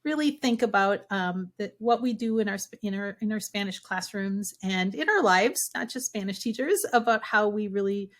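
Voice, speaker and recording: A woman's voice: mid-range voice, moderate pace, hardly any pauses. A woman from Minnesota with a Minnesotan accent, hosting a podcast interview with enthusiasm and rambling praise. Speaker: podcast host.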